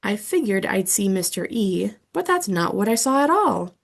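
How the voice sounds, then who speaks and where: A woman's voice: mid-range voice, big pitch swings, normal speed, gravelly. A woman reading a children's book aloud in the first person, telling the story with expression. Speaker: audiobook reader.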